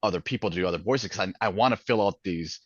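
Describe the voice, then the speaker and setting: A man's voice: fairly low pitch, very fast, husky, no echo, dull audio. A man, an author who narrates his own audiobooks, chatting casually in an interview and rambling with lots of filler words.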